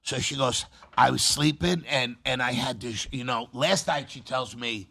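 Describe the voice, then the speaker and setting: Gravelly man rambling through a story. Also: mid-range voice, moderate pace, pushed and bright. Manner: rambling, swearing, quoting others in voices. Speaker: co-host. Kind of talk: casual comedic storytelling.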